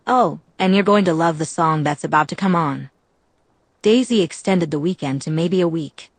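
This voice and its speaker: Woman audiobook narrator, low voice, dry close recording, steady delivery. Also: no echo. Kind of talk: scripted narration.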